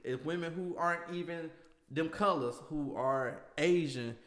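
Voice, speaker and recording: A man's voice: on the high side, measured pace, a bit bright, roomy sound. A man co-hosting a casual podcast, joking and playful, throwing in catchphrases and sound effects. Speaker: podcast co-host.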